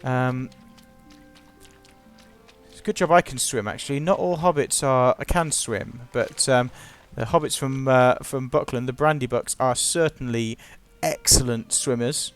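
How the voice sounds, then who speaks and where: Gravelly man narrating gameplay. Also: mid-range voice, measured pace, soft background music. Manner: chatty, playful, self-mocking. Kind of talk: casual gameplay commentary.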